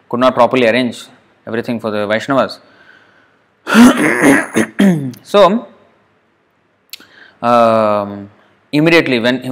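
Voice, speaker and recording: At a temple, a man with a medium-pitched, fairly bright voice tells a sacred story in a conversational sermon. He acts out the quotes and puts questions to his listeners.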